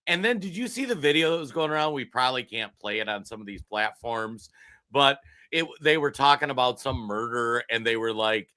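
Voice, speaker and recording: Bright, chatty man from Minnesota, excitable co-host. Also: mid-range voice, brisk. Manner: excitable, chatty, gives shout-outs. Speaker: podcast co-host. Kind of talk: political talk show banter.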